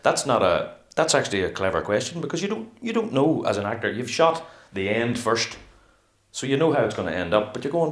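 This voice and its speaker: A middle-aged man, an actor being interviewed, talking in a casual, animated way and acting out what he would say. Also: mid-range voice, fairly quick. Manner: animated, rambling, acts out quotes. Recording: echoey room.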